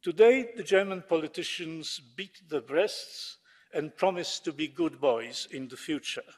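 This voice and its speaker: A man's voice: on the high side, a little slow. A man from Poland, giving a formal, combative and sarcastic speech as a member of parliament in a large chamber. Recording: long reverb of a large hall.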